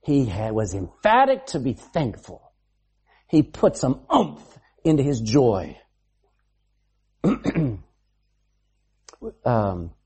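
A preacher in full sermon, with a mellow, husky voice that swoops from low murmurs to high exclamations. The delivery is emphatic, full of rhetorical questions thrown at the congregation and bits of quoted speech acted out in different voices.

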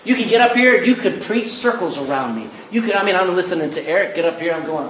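Animated preacher in an echoey church. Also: male voice, high-pitched, slight background noise. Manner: animated, mimics people in quick asides. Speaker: pastor. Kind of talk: sermon. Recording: echoey church hall, distant mic.

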